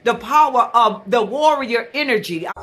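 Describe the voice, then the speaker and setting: A woman telling a comic story in a brash, boastful, animated way. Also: on the high side, moderate pace, soft background music. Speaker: comedic storyteller.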